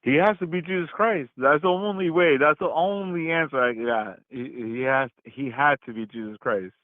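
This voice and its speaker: A man's voice: a little high, moderate pace, dry recording. A man in his forties in a casual heated debate, stammering, repeating words and laughing often. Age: 40s. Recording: tinny phone-like call audio.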